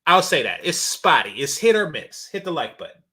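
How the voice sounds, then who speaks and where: A man's voice: fairly high pitch, very animated, a little fast, sharp tone, breathy edge. Blunt rambling male commentator. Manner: blunt, rambling, frequent fillers. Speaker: commentary channel host. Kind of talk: casual reaction commentary.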